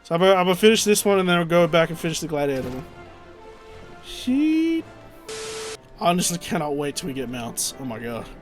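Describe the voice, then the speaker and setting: A man's voice: on the high side, very animated, a little fast, long pauses. A young man playing a game and chatting casually, swearing and reading dialogue aloud. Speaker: gaming streamer. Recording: faint background music.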